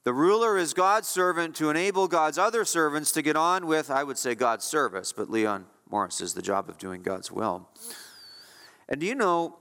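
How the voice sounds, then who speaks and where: A man delivering a sermon from the pulpit, his fairly high voice carrying a long reverb tail through the hall. He preaches emphatically and repeats his key phrases for weight. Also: expressive, normal speed, sharp tone, clean tone. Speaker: pastor.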